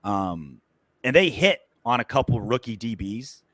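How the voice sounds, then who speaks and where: A man's voice: mid-range voice, big pitch swings, measured pace, fairly bright tone, no room sound. A man co-hosting a casual sports podcast, loose and sarcastic, with lots of fillers and swearing. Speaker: podcast co-host.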